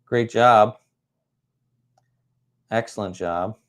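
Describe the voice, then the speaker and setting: A man's voice: on the low side, extremely slow, clear, resonant tone. A middle-aged man hosting a casual livestream, rambling and chuckling as he answers viewer comments with self-deprecating humor. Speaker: livestream host.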